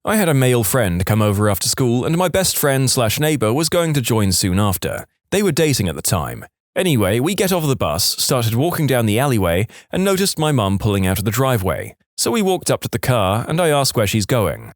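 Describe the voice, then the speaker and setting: Lively male story reader. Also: medium pitch, a little fast, few pauses, no room sound, clean studio sound. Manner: expressive storytelling. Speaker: story narrator. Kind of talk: reading internet stories aloud.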